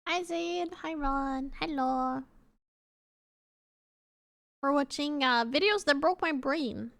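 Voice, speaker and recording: A woman's voice: high-pitched, slow pace, gravelly, a bit bright. A woman with a Swedish accent, a Swedish native speaker, chatting casually and laughing as she reacts to videos on stream. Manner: chatty, laughing, greets viewers.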